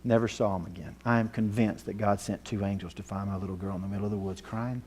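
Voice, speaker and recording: A man telling a personal story in a sermon, earnest and emotional, his voice dropping low at the tense moments. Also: fairly even intonation, quick pace, a little mellow, slight background noise. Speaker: Bible teacher.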